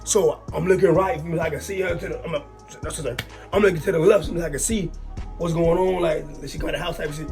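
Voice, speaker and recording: A young man, telling a long storytime with slangy, repetitive, excitable talk. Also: a little high, a little fast, faint music behind. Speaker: storytime YouTuber. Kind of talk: animated storytime monologue.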